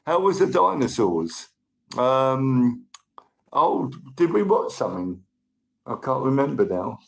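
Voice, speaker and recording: Speaking slowly but very animatedly, a man with a gravelly mid-range voice hosts a casual livestream. He reads viewer comments, thanks people by name and has a tickly cough, all captured on a rough recording.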